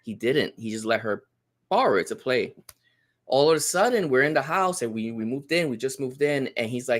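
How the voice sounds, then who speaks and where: A man's voice: mid-range voice, fairly quick. A man in his thirties chatting casually as a podcast guest, telling a story and acting out the quoted lines. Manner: animated storyteller, acts out quotes. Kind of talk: casual chat.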